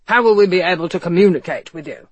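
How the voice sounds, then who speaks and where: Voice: medium pitch, fast, slightly rough, no echo, lo-fi sound, lightly acted. A narrator voicing a nervous, irritable older male police chief who speaks tense and testy in an audiobook. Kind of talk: audiobook character reading.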